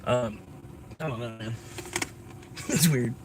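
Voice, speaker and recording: A man's voice: medium pitch, slow pace, noisy background. An American man chatting casually as a vlogger, rambling and profane with lots of fillers, inside a moving vehicle.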